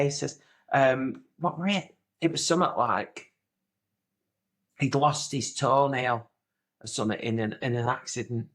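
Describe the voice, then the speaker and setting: A man's voice: medium pitch, normal speed, pauses often, fairly bright tone. A man, co-hosting a podcast in casual comedic chat, rambling through stories, swearing freely and slipping into silly voices. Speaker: podcast co-host.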